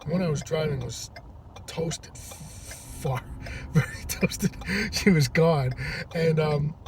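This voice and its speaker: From inside a parked car, a rideshare driver tells a story to camera, rambling and halting with many restarts. His pitch is fairly high, and the distant mic picks up loud traffic, vehicle, and road noise.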